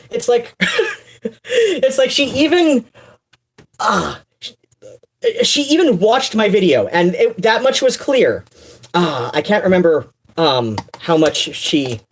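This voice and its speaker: A woman with a fairly low voice talks casually on a livestream, wandering through her thoughts. She fills gaps with ums and restarts, dropping wry asides as she goes. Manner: rambling, many fillers and restarts, wry asides. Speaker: streamer.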